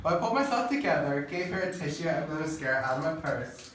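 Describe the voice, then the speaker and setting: A man's voice: on the high side, quick pace. A man doing a sassy valley-girl teen. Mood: earnest. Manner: drawling valley-girl talk, deadpan asides. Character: sassy, churchgoing teenage girl. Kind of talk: comedy skit acting. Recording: echoey room, far from mic, faint noise.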